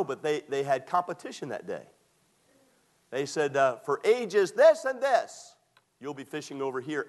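A preacher in his sixties delivers a sermon, his voice sitting at an ordinary middle pitch. He reads scripture with emphasis and slips into homespun stories. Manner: lively preaching, reads scripture aloud, folksy storytelling.

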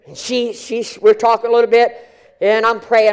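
High-voiced man telling a sermon story. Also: moderate pace, clear, resonant tone. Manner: animated, colloquial, repeats and restarts words. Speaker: pastor.

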